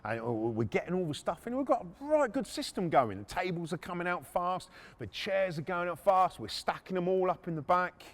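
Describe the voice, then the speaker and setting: A man's voice: sits high, very animated, a little fast, few pauses. A middle-aged man, hosting a podcast and casually telling a story from his working life, blunt and swearing freely. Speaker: podcast host.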